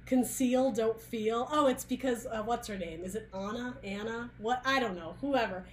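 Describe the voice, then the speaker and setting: A woman's voice: on the high side, normal speed, fairly bright tone, a little hiss or hum. A woman reading tarot cards in a chatty, searching way, full of restarts and asides. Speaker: tarot reader. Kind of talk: casual tarot reading monologue.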